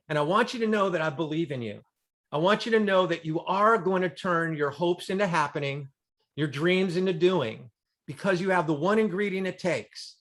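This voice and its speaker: Brief: motivational speaker, fairly high male voice, dramatic storytelling pace, call audio. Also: fairly bright tone. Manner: dramatic storyteller, repetitive emphatic phrasing. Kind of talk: storytelling keynote on a group call. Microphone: video call.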